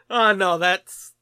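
A man with a high voice co-hosts a podcast in a very noisy recording, chatting casually. He rambles and jokes, swears freely, and laughs a lot.

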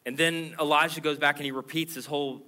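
A pastor delivering a sermon, preaching in an earnest, emphatic way that swells louder and higher as he presses his points. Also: steady tone, fast.

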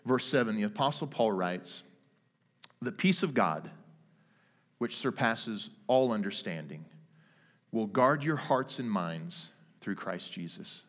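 A man in his thirties preaching a sermon, earnest and emphatic, with dramatic pauses. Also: on the low side, expressive. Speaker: pastor. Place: church sanctuary. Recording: long reverb of a church hall.

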